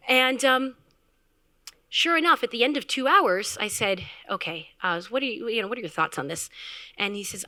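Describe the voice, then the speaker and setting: A woman founder giving a candid, animated storytelling talk at a live event, acting out quotes with filler words. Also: medium pitch, a little fast. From Canada. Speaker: health tech founder, speaker.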